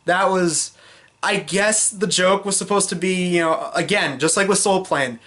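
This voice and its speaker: Rambling man with a high-pitched voice. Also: moderate pace, fairly bright tone. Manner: rambling, with many fillers and restarts; frank, exasperated criticism. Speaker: film reviewer. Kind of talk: casual review vlog.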